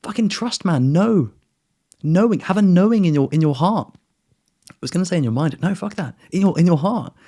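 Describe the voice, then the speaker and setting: A man's voice: sits high, animated, brisk, dark tone. A young man giving a casual, intense motivational talk, swearing often and calling the listener man and brother. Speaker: self-improvement vlogger.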